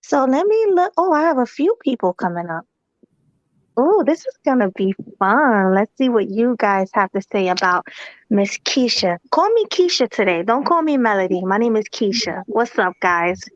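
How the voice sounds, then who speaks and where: A woman hosting a casual live-stream chat, talking in an animated way and asking her viewers rhetorical questions. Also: on the high side, normal speed, no echo, muffled recording. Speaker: host.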